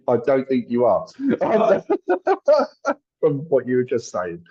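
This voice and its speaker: A man's voice: mid-range voice, a little slow, warm tone, husky, dull audio. A man doing a live psychic reading, chatty and apologetic, thinking aloud with lots of fillers. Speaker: psychic medium.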